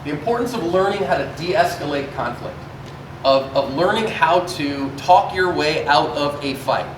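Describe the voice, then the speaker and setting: A man's voice: a little high, lively intonation, moderate pace. A man in his forties teaching a self-defense class, talking in a conversational, storytelling way to a live group. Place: church meeting room. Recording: echoey room, distant mic, faint noise.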